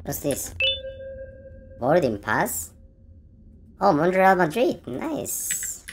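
A woman's voice: deep voice, animated, takes it slowly, fairly bright tone, a little hiss or hum. A woman hosting a gaming channel, reacting to a horror game in her room with jumpy, frightened exclamations and gasps. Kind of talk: horror game let's play commentary. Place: own room at home.

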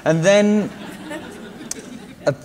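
A man's voice: high voice, drawn-out words, darkish tone, a faint crowd, slight background noise. A man interviewing a guest on stage, who often rephrases his questions as he goes. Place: festival stage before an audience. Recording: reverberant live hall.

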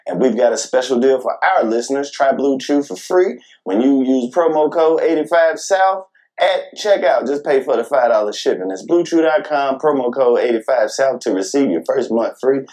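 A man, a podcast host, reads a sponsor spot in an easy, conversational way and slips in jokes as he goes. He sounds relaxed and unhurried. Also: medium pitch. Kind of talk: casual ad read.

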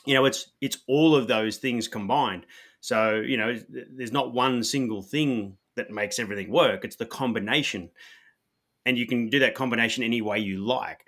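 A man's voice: mid-range voice, moderate pace, fairly bright tone. A man hosting a casual interview, explaining his ideas in an assured way. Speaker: host.

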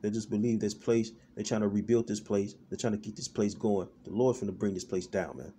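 A street-style preacher with a lowish, steady, dark voice talks fairly quickly over slight background noise. His informal online sermon is loose and repetitive, full of "man" and "all right," and he keeps stopping and restarting as he hunts for words.

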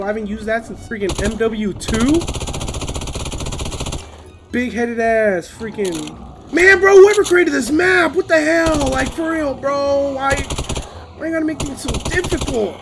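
A young man giving gameplay commentary, excitable, swearing and yelling at the game, on a headset. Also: extremely high pitch, slight background noise. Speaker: gamer. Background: game music.

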